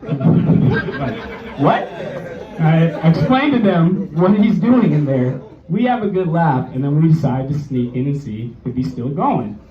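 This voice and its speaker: A man's voice: fairly high pitch, animated, measured pace. A man in his twenties doing a stand-up set, telling a profane story loosely and laughing at his own jokes. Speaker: stand-up comedian. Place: small bar stage. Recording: roomy, distant, dull live club recording. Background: crowd reactions.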